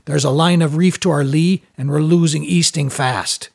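Storybook role: man voicing a gruff steamship captain, clipped commands, husky. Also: a little high, fairly even intonation, moderate pace. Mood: commanding. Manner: curt commanding orders. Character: stern male steamship captain.

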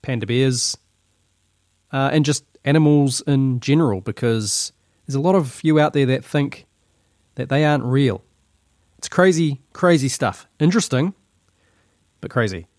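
A man's voice: mid-range voice, unhurried, long pauses, darkish tone, no echo, studio quality. Wry New Zealand man hosting a podcast. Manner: wry, mock-indignant banter. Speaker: podcast host. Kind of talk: casual comedic commentary.

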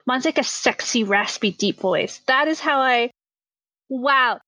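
A woman's voice: sits high, unhurried, bright, forceful tone, dry recording. A nasal-voiced woman in her thirties, co-hosting a podcast in chatty, self-mocking casual talk. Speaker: podcast co-host. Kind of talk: casual chat.

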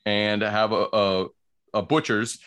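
A man's voice: fairly low pitch, little pitch movement, slow pace, fairly bright tone. A man co-hosting a podcast, explaining word origins in casual banter, laughing often and reading passages aloud.

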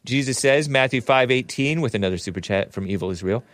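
A man's voice: mid-range voice, fast talker, few pauses, a bit bright, no room sound. A man hosting a livestream talk show, reading viewer messages aloud and chatting in a rambling, chuckling way. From United States.

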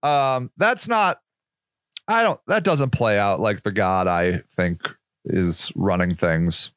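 Man, podcast host, rambling casual monologue, swears casually, very animated pitch, dry close sound. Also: takes it slowly, no room sound.

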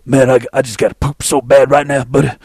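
A man putting on the drawling voice of a gruff musician friend. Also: mid-range voice, level tone, quick pace, a little mellow, no echo, studio quality.

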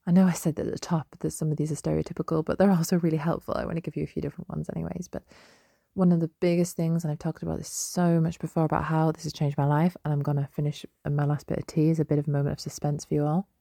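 A young woman hosting a solo podcast, chatty and gentle, with many fillers and restarts. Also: deep voice, little pitch movement, very fast, gravelly, no room sound, studio quality. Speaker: podcast host. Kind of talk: casual solo podcast talk.

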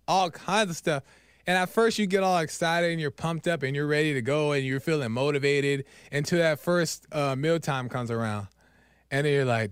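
A man shares a personal faith story in an earnest, animated way, doubling back on phrases as a preacher would. His voice sits a little high and comes through smooth and resonant. The sound is dry and close, with no room echo. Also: moderate pace. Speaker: podcast host.

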